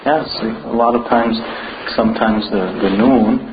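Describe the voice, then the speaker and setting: A man teaching a recitation class, patiently drawing out words to model pronunciation and giving frequent short praise. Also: medium pitch. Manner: repeats words slowly and drawn out to model pronunciation. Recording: muffled lo-fi recording with steady background noise.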